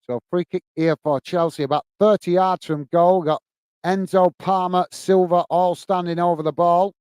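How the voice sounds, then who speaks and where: Chatty high-voiced football watch-along man. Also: fairly even intonation, normal speed, darkish tone, smooth, no echo. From England. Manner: chatty, laughs often, reads out viewer comments. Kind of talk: live match commentary and chat.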